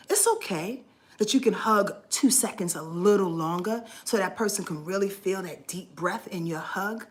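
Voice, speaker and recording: A woman who vlogs about astrology delivers a rambling, heartfelt monologue, earnest and swearing freely. Her medium-pitched voice turns emotional, at times close to tears.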